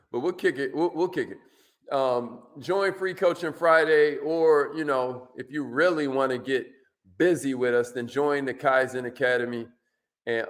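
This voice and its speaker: An energetic, slangy man hosts a live coaching stream, shouting out viewers by name and dipping into low asides.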